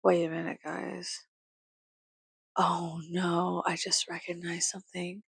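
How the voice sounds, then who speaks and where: A woman vlogger ranting in a casual, rambling way, full of swearing, jumping from loud outbursts to low mutters. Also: level tone, slow pace, creaky, breathy edge, no room sound.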